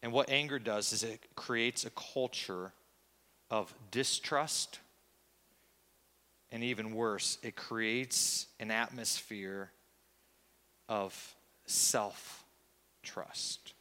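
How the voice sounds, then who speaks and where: A male pastor preaching a sermon, reflective and confessional, with hesitant pauses, in a church. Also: lowish voice, sharp tone, in a large hall.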